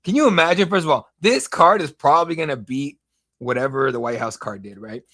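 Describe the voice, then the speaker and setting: A young man hosting a live fight watch-along stream, rambling, excitable and profane in casual commentary. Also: on the high side, brisk. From United States.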